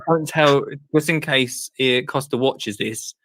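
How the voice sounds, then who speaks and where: Excitable man hosting a live show. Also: mid-range voice, slow pace, dry recording. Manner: excitable, breathless, full of restarts. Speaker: host. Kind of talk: excited live-stream chat.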